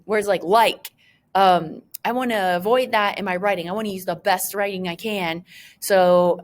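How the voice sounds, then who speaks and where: A woman teacher talking through a screen-recorded lesson, chatty and full of fillers, with joking asides to her students. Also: mid-range voice.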